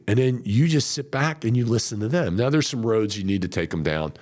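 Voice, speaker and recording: Animated middle-aged man, coaching tone. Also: lowish voice, a little fast. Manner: animated storyteller, acts out client quotes. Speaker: veteran wholesaler guest. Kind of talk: conversational coaching talk.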